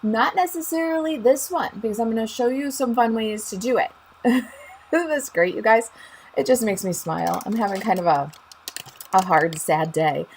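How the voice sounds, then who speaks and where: A woman's voice: medium pitch, a little hiss or hum, low-quality recording. Chatty Chicago woman hosting a craft stream. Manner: chatty, upbeat, greets viewers and laughs often. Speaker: stamping craft demonstrator and show host. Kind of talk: live-stream craft demo chat.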